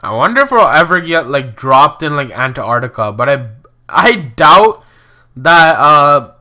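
A young man talks through a geography guessing game in a loose, chatty way, often exclaiming and poking fun at himself. His voice is very bright, with a lively, swooping pitch, and he takes his time between phrases. Keyboard clicks and typing sit behind him. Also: measured pace. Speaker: gaming video host. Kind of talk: casual gameplay commentary.

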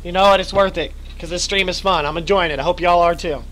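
Poor audio captures a young male streamer giving live commentary on a horror game. His voice sits high and steady, quick and a bit bright, though worn and stuffy-nosed. Chatty by nature, he lets out yelps and swears when the game startles him.

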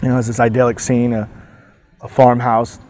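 A man with a mid-range voice tells his own story as a survivor. He speaks haltingly, stopping, restarting and reaching for words as he goes. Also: mid-range voice, level tone, a little mellow. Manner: halting, hesitant, many fillers and restarts. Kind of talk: personal testimony monologue.

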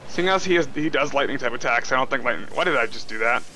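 A young man commentating a game he is playing, casual and excitable, with frustrated outbursts. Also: mid-range voice, quick pace, slight background noise. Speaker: let's play host. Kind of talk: gameplay commentary.

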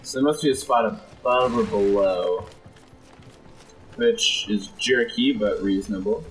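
A young man giving jokey, excitable let's play commentary, reacting to the game and putting on silly voices for the enemies. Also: on the low side, measured pace, slight background noise. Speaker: gameplay commentator.

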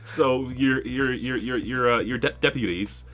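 A man co-hosting a podcast, recapping a tabletop game in casual chat, amused and halting, often repeating words. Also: mid-range voice, a bit bright. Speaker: podcast co-host.

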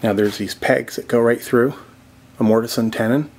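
A man in a mid-range voice keeps a steady tone and moderate pace as he shows off a property. He's a real estate vlogger strolling by a creek and through a log cabin, chatty and enthusiastic with the viewer, though his voice drops to soft whispers indoors.

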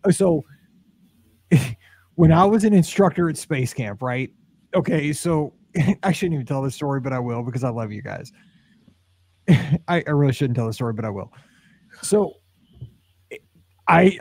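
Husky-voiced man telling a rambling story. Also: on the high side, unhurried, long pauses, no echo. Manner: rambling storyteller, animated, laughs often. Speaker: podcast host. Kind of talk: casual chat.

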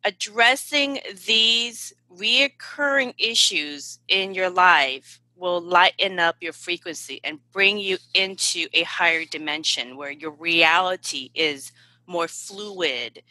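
Woman podcast host, sharp and bright, dry close sound. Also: fairly low pitch, takes it slowly, no room sound, rough recording. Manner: long winding questions, enthusiastic affirmations. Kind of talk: interview questions.

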